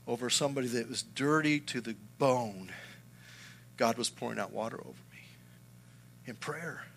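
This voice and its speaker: A middle-aged man preaching a sermon and telling a personal story, earnest and moving between loud and hushed. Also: medium pitch, slight background noise. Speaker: pastor.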